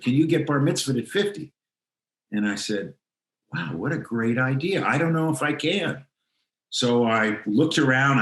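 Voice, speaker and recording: A man's voice: mid-range voice, roomy sound. An older man, a guest on a video call interview, telling a personal story reflectively and acting out the dialogue he quotes.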